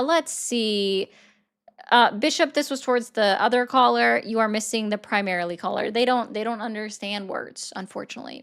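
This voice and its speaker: A woman with a light Southern twang hosts a casual livestream and rambles through viewer comments with plenty of fillers and restarts. Her voice sits a little high and sounds smooth and clear. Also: moderate pace, a bit bright.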